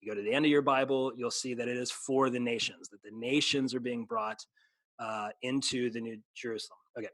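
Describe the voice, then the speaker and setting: In casual chat, a pastor speaks earnestly, restarting his sentences and drifting into a preaching cadence. His medium-pitched voice is steady and fairly bright, a little fast, with no echo.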